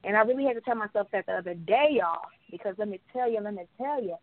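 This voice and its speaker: A woman's voice: medium pitch, animated, fast, no echo, phone-quality sound. A pregnant woman co-hosting a podcast, telling a story in casual chat and swearing freely. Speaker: podcast co-host.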